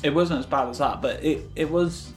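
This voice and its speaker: A man's voice: on the high side, moderate pace, roomy sound, soft background music, rough recording. A British man co-hosting a podcast, telling a holiday story loosely with lots of fillers. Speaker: podcast co-host. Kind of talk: casual chat, storytelling.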